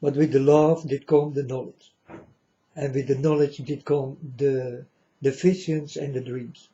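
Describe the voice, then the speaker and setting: Slow, dark-voiced man preaching to viewers. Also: mid-range voice, steady tone, highs cut off. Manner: slow, repetitive, keeps asking "you understand?". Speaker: channel host. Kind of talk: religious monologue to viewers.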